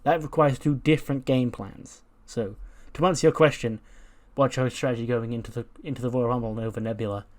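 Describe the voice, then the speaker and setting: A man's voice: medium pitch, steady tone, brisk, hardly any pauses, a little mellow, lightly acted. A man voicing a musing, rambling female wrestler. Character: calm philosophical female wrestler.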